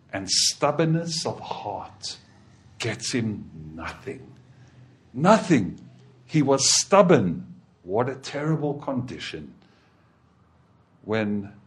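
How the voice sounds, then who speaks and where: A man preaching a sermon, emphatic and repeating phrases, swinging from loud declarations to hushed tones. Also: mid-range voice.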